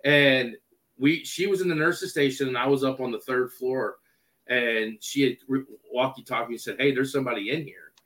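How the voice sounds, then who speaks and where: A man tells a story in a casual chat, animated and acting out each exchange. His voice sits at an ordinary pitch. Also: normal speed, poor audio. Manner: animated storyteller, acts out dialogue.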